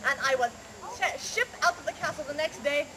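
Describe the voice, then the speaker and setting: A woman's voice: sits high, a little fast. A woman doing a comic slackrope show at a renaissance faire, telling a tall tale with theatrical patter and teasing the audience. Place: outdoor fair stage with a crowd. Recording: noisy outdoor crowd recording.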